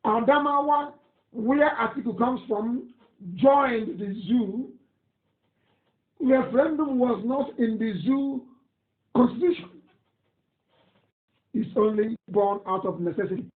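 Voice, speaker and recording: A man with a Nigerian accent giving a live radio broadcast, reading listener messages in an emphatic, indignant, repetitive way. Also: very high-pitched. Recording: tinny phone-like audio, echoey room.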